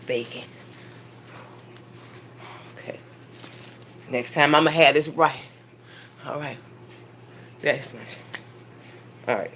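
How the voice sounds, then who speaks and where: A woman's voice: sits low, background noise. A woman chatting casually to her viewers while she cooks breakfast live in her home kitchen. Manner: chatty, talks straight to viewers. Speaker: cooking vlogger livestreaming. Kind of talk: casual live cooking chat.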